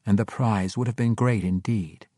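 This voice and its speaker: Man doing a stern female dark elf priestess, dry and quiet, commanding, close dry sound. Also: on the low side, fairly even intonation, moderate pace, dry recording, close to an everyday voice.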